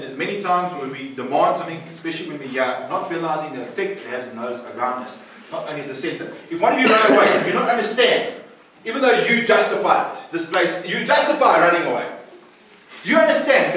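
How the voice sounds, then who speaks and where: A man's voice: high-pitched, a bit bright, a little hiss or hum. A man, a pastor, preaching informally to a group at a recovery centre, laughing often and firing rhetorical questions at the room. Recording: echoey room, voice from far off the mic.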